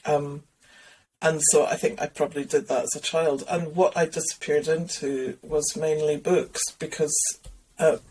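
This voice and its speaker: A woman's voice: low voice, steady tone, measured pace, a little mellow, breathy edge, low-quality recording. A woman being interviewed about her books, talking in a rambling, self-deprecating way with restarts and laughter over a video call. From Scotland. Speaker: interview guest, children's author and illustrator. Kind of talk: relaxed conversational interview.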